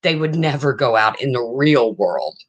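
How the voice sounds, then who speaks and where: An older woman hosting a casual livestream chat, blunt and rambling, with a low voice that callers mistake for a man's. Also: expressive, normal speed, no room sound. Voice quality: low, husky-sounding voice, often mistaken for a man's. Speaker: livestream host.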